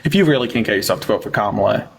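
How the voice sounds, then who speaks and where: A young man from rural Pennsylvania hosting a debate livestream, combative and quick, laughing often. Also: lowish voice, lively intonation, creaky, slightly rough.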